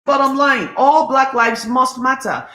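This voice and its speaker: A woman's voice: high voice, measured pace, bright, forceful tone, reverberant. A Nigerian-accented woman in her fifties, hosting a casual livestream and talking in a passionate, emphatic, preachy way. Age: 50s. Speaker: livestream host.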